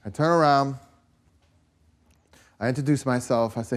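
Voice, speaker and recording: A man's voice: mid-range voice, moderate pace, long pauses. A man preaching a conversational sermon, telling stories with lots of "you know" and rhetorical questions to his listeners. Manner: rambling storytelling, peppered with "you know" and "right?".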